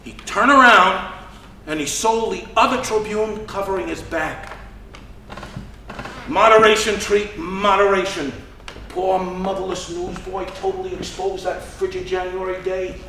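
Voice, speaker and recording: A man's voice: sits high, steady tone, measured pace, bright, forceful tone, exaggerated voice. An actor playing a worldly, fatherly middle-aged male Chicago gangster in a live stage play, lecturing and telling stories in a wry tone. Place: theater stage. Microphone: distant room mic. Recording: roomy stage, distant mic, faint hiss.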